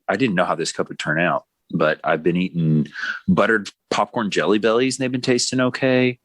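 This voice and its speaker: A man's voice: sits low, no room sound. A man hosting a podcast, chatting casually and rambling with jokes. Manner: rambling and joking, lively ups and downs. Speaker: podcast host. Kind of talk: casual chat.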